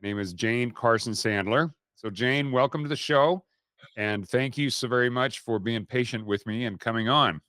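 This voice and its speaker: A man hosting an interview, introducing his guest in a casual, halting way. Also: medium pitch, sharp tone, dry recording, clean studio sound. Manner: casual, halting with fillers and restarts. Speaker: podcast host.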